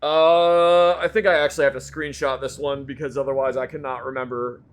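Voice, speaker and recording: A man's voice: mid-range voice, fairly even intonation, fast, fairly bright tone. A man streaming a horror game live, chatting casually and muttering to himself as he plays, now and then humming little choo-choo noises. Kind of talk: casual live gameplay commentary.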